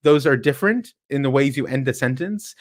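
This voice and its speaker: Lively man explaining tech examples. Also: medium pitch, brisk, no echo, clean studio sound. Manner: animated, works through examples with rhetorical questions. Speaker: speaker at a tech meetup. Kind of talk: explanatory technical talk.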